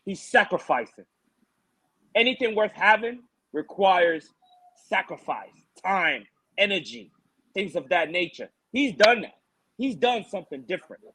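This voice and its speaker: High, bright-voiced man ranting. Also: unhurried, slightly rough, poor audio. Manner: animated ranting, mocking, laughing. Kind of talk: casual fight-talk podcast chat.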